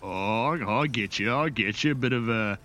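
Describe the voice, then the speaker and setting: A man's voice: mid-range voice, normal speed, bright, forceful tone, close to an everyday voice. A man voicing a big, jovial male dwarf distiller who talks in a hearty, boisterous way.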